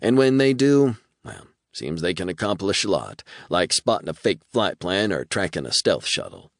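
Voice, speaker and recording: A man's voice: deep voice, sing-song, moderate pace, dry recording, studio quality. A male audiobook narrator voicing a cocksure male soldier captain with a Southern American drawl. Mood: taunting.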